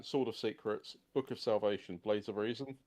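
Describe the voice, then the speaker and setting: An older man with a fairly low voice, co-hosting a casual podcast. He talks in a measured, self-assured way, often stumbling a little at the start of a thought. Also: steady tone, darkish tone. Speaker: podcast co-host. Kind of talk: casual chat.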